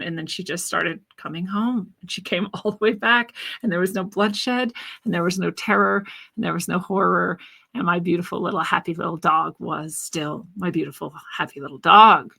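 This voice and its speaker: A woman's voice: medium pitch, bright, forceful tone. A woman podcast host telling a personal story in an earnest, reflective monologue about spirituality.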